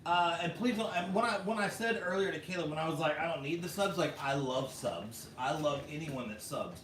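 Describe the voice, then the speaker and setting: A man's voice: on the high side, lively intonation, a little fast, a bit bright, far from the mic. Casual vlog host, American male, talkative with frequent laughs, faint room hum behind. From United States. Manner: chatty, laughs often, fillers like "like" and "bro". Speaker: vlog host reading viewer comments. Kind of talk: casual livestream chat. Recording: roomy echo, a bit off mic, faint background hum.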